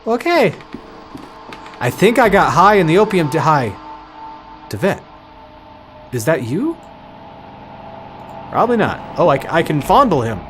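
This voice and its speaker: A man chatting through a game he is playing, tossing off jokes and asides. His pitch jumps up and down a lot, with faint game music underneath. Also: very animated, unhurried, long pauses, a bit bright. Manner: joking asides, laughs at himself. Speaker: gamer playing and reacting to a game. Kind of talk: let's-play commentary.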